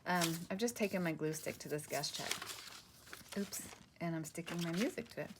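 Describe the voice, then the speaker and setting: A woman's voice: lowish voice, moderate pace, noisy background. A woman crafting at her table and chatting casually to her viewers, rambling, cutting herself off and laughing often. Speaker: crafting vlogger. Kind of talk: casual chat while crafting.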